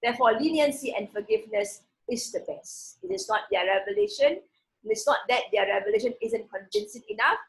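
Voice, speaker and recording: A woman teaching a Quran passage, reading the Arabic words slowly and with stress, then explaining them in a relaxed way with many restarts. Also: on the high side, gravelly, low-quality recording.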